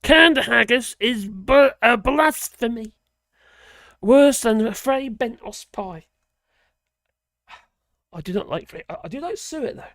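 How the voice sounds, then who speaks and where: This is a streamer, from Norwich, rambling through viewer comments. The voice is gravelly with some fry, and the sound is dry and close, with no room around it. The pitch sits in a middle range. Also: expressive, slow pace, long pauses, fairly bright tone, no room sound. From Norwich, England. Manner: rambling, chatty, reacts to viewer comments aloud. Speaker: live-stream host. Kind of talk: casual live-stream chat reading comments.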